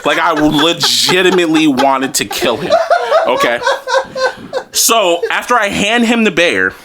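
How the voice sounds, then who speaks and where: A man co-hosting a casual podcast, telling a story among friends with heavy profanity, frequent laughter and animated ranting. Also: on the high side, a little slow, heavy background noise. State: tipsy.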